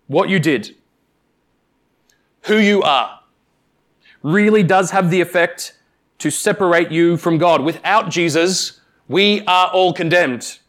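A man preaching a sermon, speaking emphatically with deliberate pauses and addressing the congregation directly. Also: high voice, fairly bright tone. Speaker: pastor.

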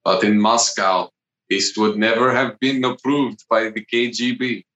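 A man's voice: lowish voice, steady tone, unhurried, pushed and bright, highs cut off. A man improvising a playful male Russian astronaut with a put-on Russian accent, telling folksy proverbs in a live improv scene. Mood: deadpan folksy. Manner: drawling folksy proverbs, sings a lullaby. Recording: roomy live stage recording.

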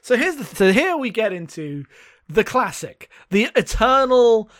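A man with a fairly high voice talks close to the mic in a dry, dead room. He runs a sarcastic comedic chat about a bad book. He laughs a lot and slips into mock quotes of its characters. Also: big pitch swings, measured pace, a bit bright, no room sound. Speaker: podcast co-host. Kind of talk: casual comedic book discussion.

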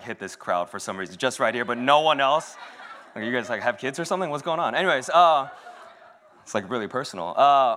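With a medium-pitched, slightly bright voice, a young man gives a relaxed, funny sermon during a church service. His manner is conversational and self-deprecating, full of jokes and many "like"s.

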